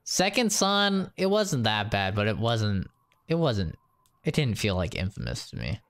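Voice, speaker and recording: A male game streamer talking loosely to his chat. His pitch swings widely as he rants, swears freely and laughs at his own stories. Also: unhurried. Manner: animated, profane, laughing rants. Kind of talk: casual live-stream chat.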